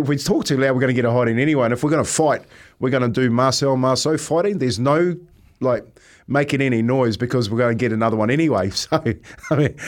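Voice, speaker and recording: Speaking with a mid-range voice and a New Zealand accent, a former rugby teammate guests on a casual podcast. His speech is reflective and hesitant, peppered with "mate," and he chuckles while recounting stories.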